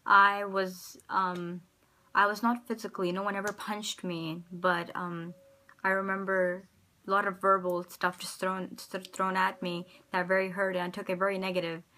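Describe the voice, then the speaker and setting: American woman, casual vlogger, mid-pitched, talks in halting rambly bursts, full of ums. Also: little pitch movement, pushed and bright. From United States. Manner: rambling and hesitant, many ums and restarts. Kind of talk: casual personal storytelling to camera.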